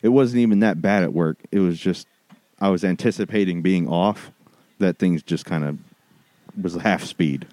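A man co-hosting a podcast, chatting casually in a relaxed, rambling way. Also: low voice, moderate pace. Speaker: podcast co-host.

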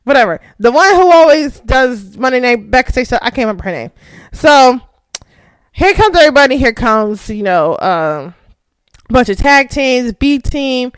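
A young woman hosting a casual recap show, excitable, laughing often and swearing freely. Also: a little high, clear, resonant tone, no room sound. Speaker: podcast host.

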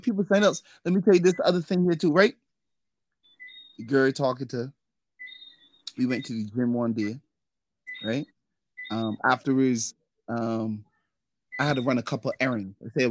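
A young man, co-hosting a podcast and telling stories in casual chat. His voice shoots up high when he acts out what people said. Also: no echo, rough recording. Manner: animated storyteller, voice jumps high when acting out quotes. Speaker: podcast co-host.

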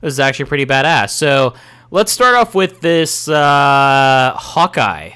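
A young married man co-hosting a podcast, talking with enthusiasm but halting often with ums and restarts. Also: mid-range voice, expressive, pushed and bright, clean tone. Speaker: podcast co-host. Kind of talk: casual chat.

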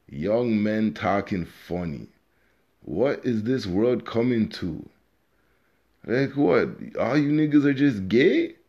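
Low-voiced man hosting a podcast. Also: darkish tone, dull audio. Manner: loose, slangy, profane, talks straight to listeners. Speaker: podcast host. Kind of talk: casual unscripted podcast monologue.

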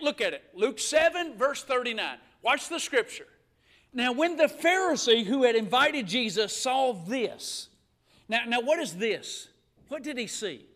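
A middle-aged man preaching a lively, emphatic live sermon in church, telling stories and calling for amens. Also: very high voice. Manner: storytelling, emphatic, call-and-response. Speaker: guest preacher. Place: church sanctuary.

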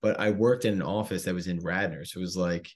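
Young man, from south jersey, very low voice, swears a lot, animated storyteller. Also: fast talker. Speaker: comedian guest. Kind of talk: casual storytelling chat.

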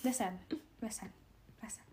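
A young woman co-hosting a podcast in casual chat, emphatic and outspoken. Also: dark tone. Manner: emphatic and outspoken, rapid bursts. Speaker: podcast co-host.

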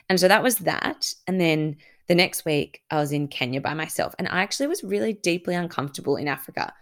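A young woman hosts her own podcast and tells a personal story with a low, gravelly voice that slips into vocal fry. She talks candidly and casually, with lots of "like", swearing, and acted-out bits of what others said. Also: quick pace. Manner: candid and chatty, full of "like" and reported speech. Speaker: podcast host.

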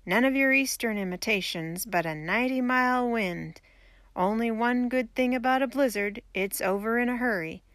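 A proud frontier man drawls his words and pushes back hard, as a woman reads him. He turns loud and forceful, and the voice sounds dry and close. It comes from a storybook reading. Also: fairly high pitch, moderate pace, dry recording, voice pushed up, close to an everyday voice. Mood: drawling.

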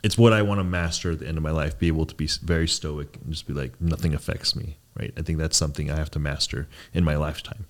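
A young man with a very deep voice chats on a podcast. He muses in a loose, rambling way and checks in with his listener as he goes. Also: steady tone, quick pace, few pauses. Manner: rambling, reflective, often adds "right?". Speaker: podcast co-host. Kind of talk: casual chat.

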